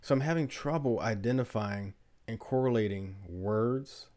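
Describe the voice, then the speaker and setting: Podcast host, male, lower voice, animated storyteller who keeps firing rhetorical questions. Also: normal speed. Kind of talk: casual monologue.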